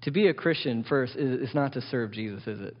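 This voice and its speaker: A man's voice: medium pitch, lively intonation, a little fast. A man preaching a sermon as pastor, emphatic, often asking the congregation questions. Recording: dull sound with long hall reverb.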